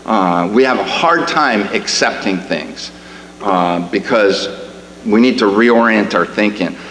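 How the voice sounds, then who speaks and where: A man's voice: on the low side, slow pace, fairly bright tone. A man preaching a sermon in a church, conversational and rising to emphatic questions, with frequent restarts. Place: church sanctuary. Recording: echoey hall with faint hum.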